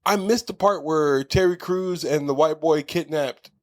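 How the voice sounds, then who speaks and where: A man's voice: a little high, measured pace. A man co-hosting a podcast in casual chat, telling rambling stories with lots of swearing and restarts. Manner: profane, rambling, storytelling with restarts. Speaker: podcast co-host.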